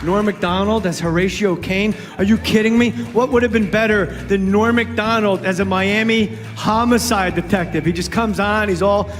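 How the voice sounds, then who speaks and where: A man doing halting, stammering comedic impressions. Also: sits high, steady tone, big-room sound, soft background music. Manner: halting, stammering delivery in character. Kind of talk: comedic impressions before a live crowd.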